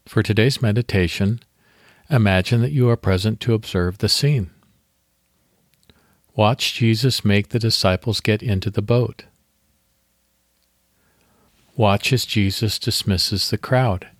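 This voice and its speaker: A man hosting a devotional podcast, reading scripture slowly and leading a guided meditation. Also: lowish voice, no room sound, clean studio sound.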